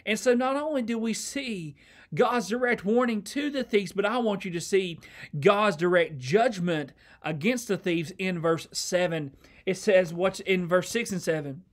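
High-voiced Southern American preacher. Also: male voice. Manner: reads scripture slowly, then explains in plain words. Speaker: associate pastor. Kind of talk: sermon.

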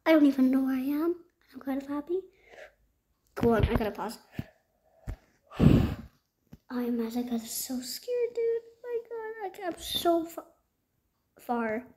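A woman giving casual gameplay commentary, excitable and easily frustrated, swinging between loud outbursts and whispers. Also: high voice, slow pace, long pauses, a little hiss or hum. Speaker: gaming video creator.

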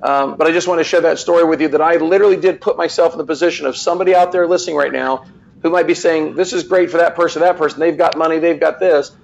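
A man telling a personal story as a guest on a live show, earnest and animated, with many restarts. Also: fairly high pitch, fast, vocal fry, lo-fi sound.

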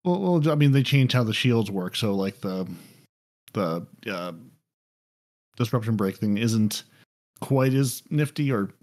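A man's voice: lowish voice, lively intonation, unhurried, long pauses, a little mellow. A man co-hosting a casual gaming podcast, rambling and correcting himself as he goes. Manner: rambling, self-correcting, apologetic. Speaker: podcast co-host.

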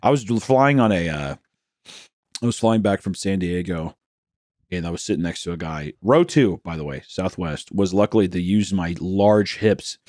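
A man's voice: low voice, moderate pace, darkish tone, no room sound, clean studio sound. A man co-hosting a comedy podcast, telling crude, joking stories full of profanity and mimicked voices. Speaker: podcast co-host.

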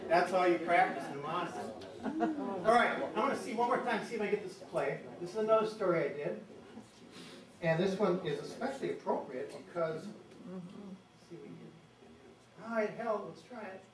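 A man's voice: high-pitched, lively intonation, moderate pace, long pauses, crowd noise. A man giving a playful birding talk, leading the audience in chants like a conductor. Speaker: guest presenter at a birding society. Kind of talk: lively public talk with group chanting. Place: meeting hall before an audience. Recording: echoey hall, mic at a distance, audience audible.

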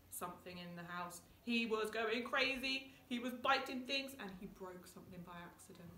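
A female primary school teacher, leading a phonics lesson for young children in a clear, sing-song voice. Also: mid-range voice, unhurried, pushed and bright, slight background noise. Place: home, indoors. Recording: echoey room, mic at a distance.

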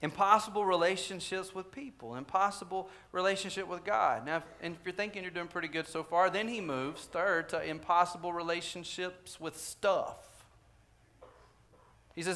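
A preacher with a high, bright voice delivers a sermon in a church sanctuary. He keeps it conversational, questioning the congregation directly and hammering home key phrases by repeating them. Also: steady tone, normal speed. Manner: emphatic repetition of key phrases. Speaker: pastor.

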